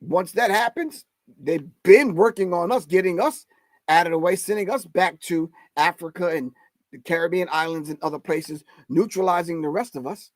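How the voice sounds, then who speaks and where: A man's voice: high-pitched, moderate pace, no echo. A middle-aged man hosting a live stream, giving emphatic, preachy commentary and calling his audience family. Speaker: host.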